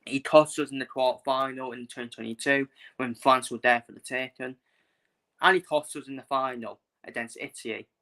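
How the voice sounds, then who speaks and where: A football channel host from England rants through a casual match preview in a bright, forceful, mid-range voice. Like a vlogger addressing his viewers, he's blunt and emphatic, hammering the same points over and over.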